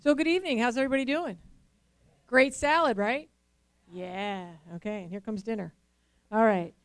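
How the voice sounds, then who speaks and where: A woman's voice: fairly high pitch, normal speed, dry recording, poor audio. A woman moderating a panel discussion at a dinner event, greeting the audience with energy before setting out the context.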